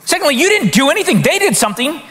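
A man preaching a conversational sermon as pastor, with lively rhetorical questions and frequent restarts. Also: very high voice, racing. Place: church sanctuary. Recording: hall reverb in a church.

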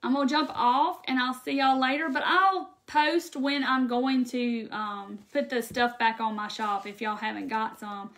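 Brief: Southern woman craft-stream host, Mississippi drawl, a touch high, folksy and chatty. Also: unhurried, hardly any pauses, a bit bright. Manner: chatty, folksy, laughs often. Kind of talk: casual live chat with viewers. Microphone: phone or webcam on a live stream.

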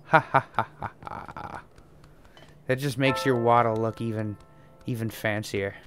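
Speaking at a measured pace with medium pitch and fairly even intonation, this viewer casually narrates someone's video game play. The talk is giggly, meandering and jokingly foul, set over game music and background noise.

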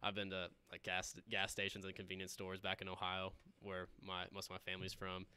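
A young man from the Midwest with a smooth radio voice, chatting casually as a podcast host and laughing often. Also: low voice, brisk, no echo. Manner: laughs often, relaxed storytelling. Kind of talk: casual chat.

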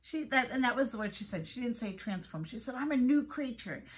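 A woman's voice: fairly high pitch, expressive, fairly quick, rough recording. A middle-aged woman giving an earnest, heartfelt devotional talk as a prayer podcast host, often repeating herself.

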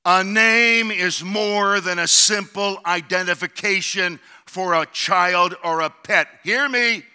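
A middle-aged man delivers a sermon with a high, very bright and forceful voice. He preaches in waves, climbing into shouted emphasis and calls to his congregation. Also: slow pace, hardly any pauses, clear, resonant tone. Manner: preaching with rising shouted emphasis and call-outs. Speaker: pastor.

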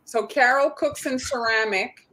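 A woman's voice: fairly high pitch, a little slow, bright, forceful tone. A woman co-hosting a livestream, reading out viewer comments in a casual chat.

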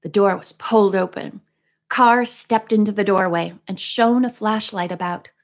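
A woman reading a mystery book aloud in a steady narrating voice, now and then breaking off for soft, chatty asides. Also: mid-range voice, normal speed.

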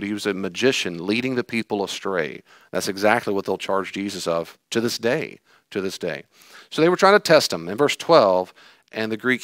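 Animated male preacher, dry sound. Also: no room sound. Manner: animated, voices quoted figures, big pitch swings and sighs. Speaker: pastor. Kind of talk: sermon. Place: church hall.

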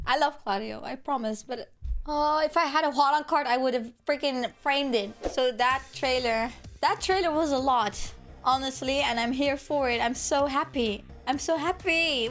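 A young woman with a hoarse voice, gushing through an excited video reaction. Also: high-pitched, normal speed. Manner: gushing, exclamatory, fangirling. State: hoarse from illness. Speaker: gaming video creator.

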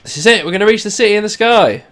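Man, let's play commentary, rambling and self-mocking, swears a lot, fairly high voice that swings up and down. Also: racing. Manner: rambling, self-mocking, swears, bursts into loud excited yells. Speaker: gaming channel host.

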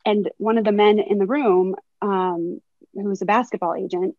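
A woman's voice: medium pitch, steady tone, moderate pace, dry recording. A woman in her thirties speaks as a guest on a webinar panel, recounting her career in a candid, reflective way. Her audio comes over a video call and sounds dry and slightly dull, with no room around it. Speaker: sports agent, panel guest. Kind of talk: webinar conversation, storytelling.

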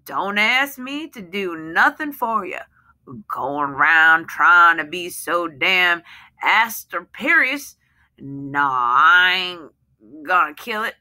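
A woman's voice: fairly low pitch, expressive, slow pace, sharp tone, exaggerated voice. A woman voicing a cruel, boastful husband who sneers in heavy dialect. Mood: sneering. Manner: sneering, swaggering. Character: cruel, boastful Southern husband, adult man.

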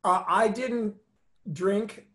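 A man's voice: fairly even intonation, extremely slow. A middle-aged man, a drummer and motivational speaker, telling his story in an earnest, emphatic interview manner. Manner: earnest, motivational, emphatic with soft lowered passages.

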